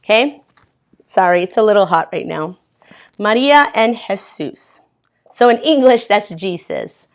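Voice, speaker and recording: A woman's voice: mid-range voice, lively intonation, a little slow. A woman from Mexico teaching an English as a second language class, reading from a textbook and patiently explaining words step by step.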